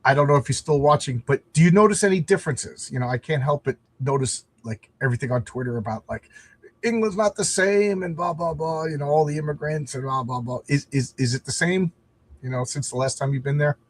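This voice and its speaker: Male livestream host, husky, rambling and self-deprecating, casual chat. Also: medium pitch, fast talker. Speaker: comic book creator and livestream host.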